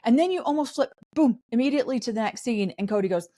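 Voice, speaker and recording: A woman's voice: a little high, quick pace. A woman co-hosting a podcast, recapping a reality show in casual chat and mocking the people she talks about. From raised in a polygamous community. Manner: animated, mocking impressions of others. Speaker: podcast co-host.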